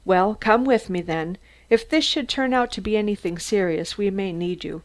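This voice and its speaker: A woman voicing a brisk, impatient male police commissioner who questions sharply. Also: mid-range voice, lightly acted. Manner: curt, demanding.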